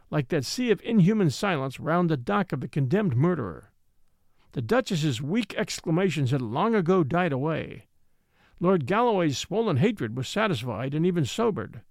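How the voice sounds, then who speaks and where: A man's voice: fairly high pitch, creaky, a little mellow, dry recording, studio quality. A man reading a classic mystery aloud as an audiobook narrator, shifting his voice for each character.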